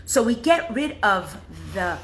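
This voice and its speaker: A woman teaching a religious class, leading a slow, soothing meditation and lesson. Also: a little high, big pitch swings, slight background noise.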